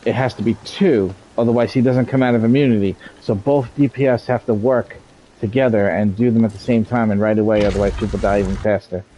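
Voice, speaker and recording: A man's voice: lowish voice, steady tone, fast, dark tone, slight background noise, rough recording. A man streaming a game, chatting casually, explaining mechanics and swearing freely. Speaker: streamer playing an online game. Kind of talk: casual gameplay commentary.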